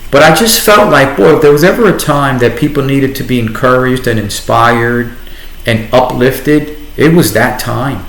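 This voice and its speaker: A middle-aged man with a New York accent, telling his story as a guest in a conversational interview, animated and restarting often. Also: mid-range voice, moderate pace. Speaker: guest, entrepreneur and radio host. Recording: echoey room.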